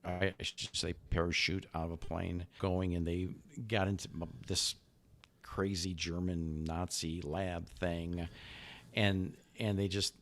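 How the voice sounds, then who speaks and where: A man with a very deep voice talks casually on a podcast, stopping and starting, stacking repeated words as he hunts for the next thought. He co-hosts and chats freely with his two partners. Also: level tone. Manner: halting, many restarts and repeated words. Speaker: podcast co-host.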